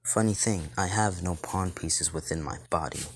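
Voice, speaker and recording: A man voicing a calm, smugly overpowered young man who talks down to his enemies in a cool, dismissive tone. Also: sits low, moderate pace, a little hiss or hum, natural voice.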